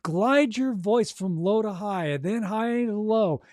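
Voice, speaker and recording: Man, vocal coach, mellow tone, dry close sound, encouraging, chatty, checks in with "okay?". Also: high voice, lively intonation, unhurried, no echo. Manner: encouraging, conversational, frequent "okay?" and "right?"; demonstrates breathing and voice exercises. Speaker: audiobook narration coach. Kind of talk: coaching monologue.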